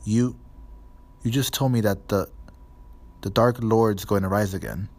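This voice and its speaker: A man's voice: fairly low pitch, steady tone, a little slow. A man voicing an anxious teenage boy who stammers. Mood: agitated.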